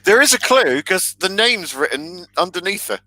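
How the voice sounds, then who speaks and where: Joking co-host guy, bright lively voice, crude gags, dry close mic. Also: high voice, dry recording, low-quality recording. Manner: crude joking, quick to laugh. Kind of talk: casual comedy chat.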